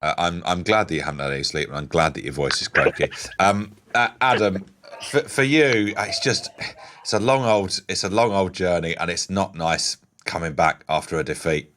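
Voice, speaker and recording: Deep-voiced male radio presenter. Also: steady tone, normal speed, fairly bright tone, slight background noise. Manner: chatty, laughs easily, restarts sentences. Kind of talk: live radio interview.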